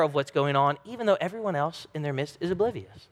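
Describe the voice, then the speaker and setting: A pastor in his thirties delivers an earnest, emphatic sermon full of dramatic quoted voices, speaking animatedly and quickly at a fairly high pitch. A large hall's long reverb surrounds the recording.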